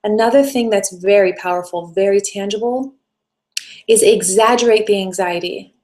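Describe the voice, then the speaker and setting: A woman hosting a live self-help session, answering viewer questions in a gentle, coaching way with long flowing sentences. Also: medium pitch, moderate pace. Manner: gentle, coaching, speaks in flowing run-on phrases.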